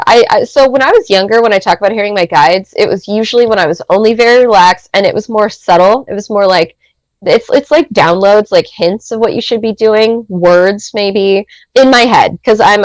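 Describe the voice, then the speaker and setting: A woman's voice: mid-range voice, moderate pace, no echo, poor audio. Chatty woman in her thirties telling a story. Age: 30s. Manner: animated, rambling, heavy use of filler words. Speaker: podcast guest. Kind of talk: casual storytelling.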